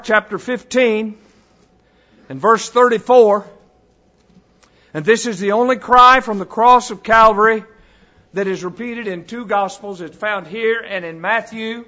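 A man preaching a sermon, dropping to a hush and then rising to a booming cry, repeating phrases for emphasis. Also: muffled recording. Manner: swings from hushed to booming, dramatic pauses.

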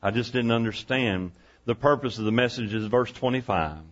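A man's voice: medium pitch, moderate pace, a bit bright, dull audio. A male pastor preaching a sermon in a church, folksy and conversational, asking the congregation rhetorical questions. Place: church sanctuary.

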